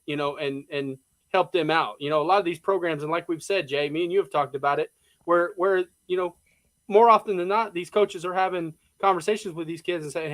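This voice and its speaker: Brief: male panelist, slightly high voice, loose rambling talk with lots of "you know". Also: fairly quick. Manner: rambling, many fillers and restarts. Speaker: co-host. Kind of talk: casual sports chat.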